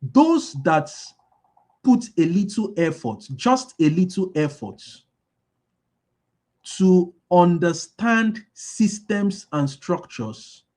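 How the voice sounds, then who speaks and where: A man's voice: sits high, sing-song, takes it slowly, darkish tone. A man giving a motivational business talk, repeating key lines and asking his listeners to fill in the answers. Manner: asks the audience call-and-response questions. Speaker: business speaker.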